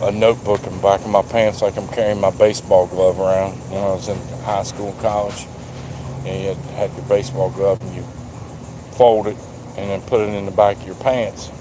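A man rambling in a casual walkaround vlog at a car dealership lot, folksy and dropping the odd mild swear, recorded on a handheld phone. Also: lowish voice. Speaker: vlogger. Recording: outdoor traffic noise behind.

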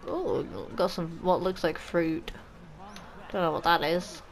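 A woman, chatty and excitable, giving let's play commentary as a gaming channel host. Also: on the low side, slow.

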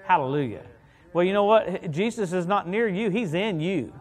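A middle-aged man preaching an evangelical sermon as a guest minister, animated and joking, often calling out "hallelujah" and "come on". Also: high voice, moderate pace.

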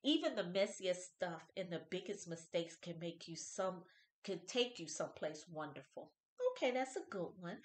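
A woman in her fifties talks in an expressive, churchy way on her birthday vlog, reading out inspirational quotes and commenting on each one. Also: lowish voice, moderate pace, reverberant. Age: 50s. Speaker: vlogger.

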